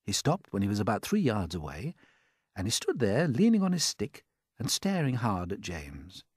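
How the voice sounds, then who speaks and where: A man narrating a children's storybook in an expressive, unhurried way. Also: lowish voice, breathy edge, no room sound, clean studio sound. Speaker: audiobook narrator.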